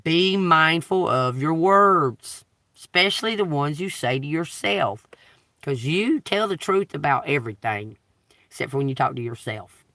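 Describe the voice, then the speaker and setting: A man's voice: on the high side, expressive, measured pace, pushed and bright, no room sound. A man, reading scripture on a tarot livestream and riffing on it casually, asking "okay?" over and over. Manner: reads scripture then riffs casually, repeats "okay?" often; emphatic, swears and laughs while preaching. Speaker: tarot reader.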